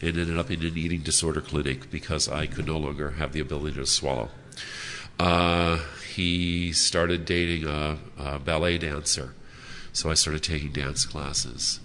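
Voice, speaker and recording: A man sharing his personal story as a speaker at a convention, earnest and halting with frequent "uh" fillers. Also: a bass voice, flat delivery, a bit bright, slight background noise. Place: hotel convention room.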